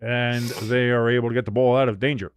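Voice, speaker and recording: A man's voice: mid-range voice, little pitch movement, a little fast, clean tone, no room sound, studio quality. A man in his forties hosting a live sports watch-along, crude and rambling, laughing at his own jokes. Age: 40s.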